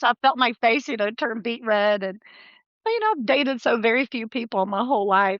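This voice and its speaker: A woman's voice: a little high, lively intonation, a little fast, dry recording, highs cut off. A woman in her sixties, a dentist guest telling her story in a chatty, laughing way. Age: 60s. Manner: warm, chatty, laughs often, acts out quoted voices. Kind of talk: casual interview chat.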